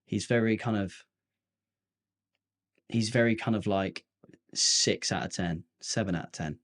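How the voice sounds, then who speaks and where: A man's voice: on the low side, measured pace. A man co-hosting a podcast in casual, playful chat, cursing now and then when a game goes wrong. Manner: animated, playful, swears when frustrated. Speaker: podcast co-host.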